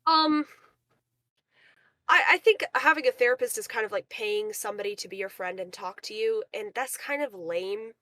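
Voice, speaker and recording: Bright, dry young woman telling a story. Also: fairly high pitch, normal speed, dry recording. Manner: animated storytelling, quoting people in voices. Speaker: caller. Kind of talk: casual chat. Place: remote call into a livestream. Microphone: call audio.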